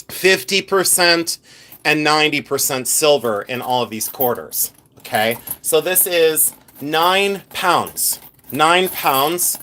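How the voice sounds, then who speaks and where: A man's voice: a little high, a bit bright, a little hiss or hum. Chatty, playful middle-aged man live-streaming. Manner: chatty, playful, scattered, laughs often. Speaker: live-stream jewelry reseller. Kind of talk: casual live-stream chat.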